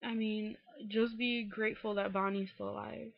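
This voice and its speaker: A woman's voice: mid-range voice, level tone, normal speed, vocal fry, no echo. A woman recapping a TV episode in a casual vlog, frank and exasperated, swearing freely and filling with "like" and "um". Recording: dull, dry home recording.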